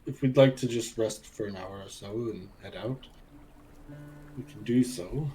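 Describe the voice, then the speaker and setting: Low-voiced man playing in character. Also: warm tone, faint music behind, rough recording. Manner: formal, measured speech. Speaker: player. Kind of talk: in-character tabletop play.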